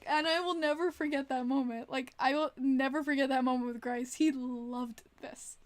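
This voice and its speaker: A woman's voice: high voice, fairly even intonation, normal speed, hardly any pauses, no echo. A young woman casually telling rambling stories on a livestream, giggling often between her words. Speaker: streamer.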